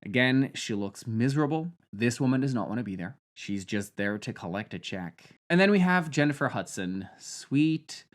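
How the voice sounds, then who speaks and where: A young man reviewing a film with sarcasm, trailing off into deadpan mutters and jumping to loud, high outbursts. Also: moderate pace, hardly any pauses. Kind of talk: sarcastic movie commentary.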